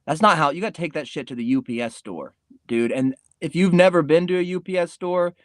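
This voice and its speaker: A man's voice: fairly high pitch, a little fast, dry recording, clean studio sound. A man hosting a podcast in a rambling, laid-back comedic monologue, swearing casually. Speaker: podcast host.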